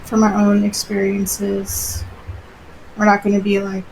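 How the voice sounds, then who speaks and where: A woman co-hosting a podcast speaks with a gravelly, creaky edge to her voice. She talks casually and bluntly, sometimes with a swear word. Faint noise hums behind her. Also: mid-range voice, monotone, unhurried, darkish tone, low-quality recording. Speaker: podcast co-host. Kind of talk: casual chat.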